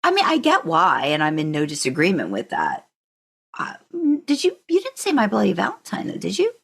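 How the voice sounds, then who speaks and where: A woman co-host with a low, gravelly voice fires off questions in casual fan chat. Her pitch swings widely from line to line. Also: wildly swooping pitch, a little fast, fairly bright tone. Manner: quizzing, questioning. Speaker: podcast co-host.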